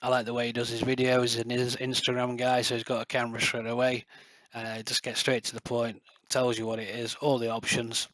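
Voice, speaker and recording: A middle-aged man talks straight to camera in a loose, rambling flow, dropping in fillers and boasting with real passion. His pitch stays fairly level and flat throughout. The sound is close and dry, with no room around it. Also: brisk, few pauses, no echo. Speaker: light gun builder and video creator. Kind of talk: casual rambling talk to camera.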